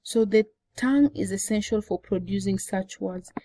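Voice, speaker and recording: A woman's voice: medium pitch, normal speed, mellow, no room sound, low-quality recording. A young adult woman teaching a lecture-style lesson, often repeating words and checking in with "okay?". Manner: repetitive, frequent "okay?" check-ins. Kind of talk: explanatory classroom lecture.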